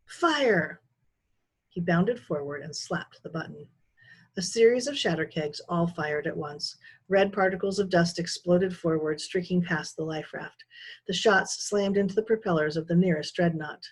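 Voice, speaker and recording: A teacher reads a children's novel aloud in a steady, expressive storytelling voice. Her voice is somewhat husky, and she keeps an even pace through the action. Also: fairly low pitch.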